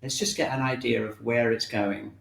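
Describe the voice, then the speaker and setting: A man teaching a shiatsu and qigong class, giving calm, encouraging step-by-step instructions. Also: medium pitch, normal speed, gravelly, recorded from a distance. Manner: calm, encouraging instructions, often checking in with "okay". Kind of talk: guiding an online movement class. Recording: very echoey room, voice off-mic.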